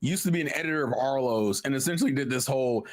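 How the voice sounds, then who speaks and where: A man's voice: mid-range voice, fast talker. A man co-hosting a casual gaming podcast, exasperated and emphatic. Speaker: podcast co-host.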